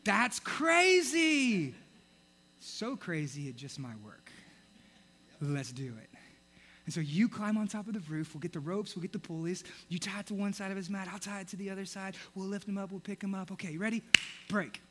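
A young man preaching a sermon, telling a story in an animated way and acting out the characters. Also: high-pitched, a little fast. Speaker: pastor.

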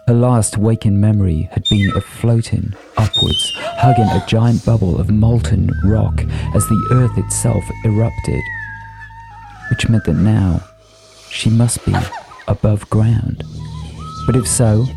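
Male audiobook narrator, low gravelly voice, lively, over music. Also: takes it slowly.

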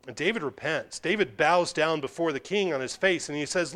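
Brief: pastor, male, fairly high voice, emphatic sermon delivery that sinks soft on key lines. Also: a little fast, few pauses. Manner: emphatic, drops low and quiet on key points. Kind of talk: verse-by-verse sermon.

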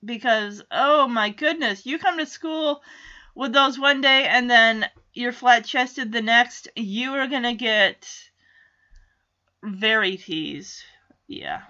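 A woman's voice: on the high side, takes it slowly, sharp tone, highs cut off. A woman in casual recap chat, chatty and giggly, acting out character lines as she goes. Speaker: TV show recapper.

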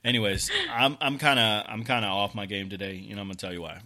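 A man in his thirties co-hosting a casual chat show, telling an animated story and swearing freely. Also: on the low side, fast. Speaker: podcast co-host.

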